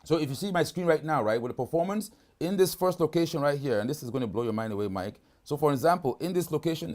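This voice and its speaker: A man's voice: mid-range voice, a little mellow. Man giving a casual live video-call demo. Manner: casual, keeps asking "right?". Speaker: product demonstrator.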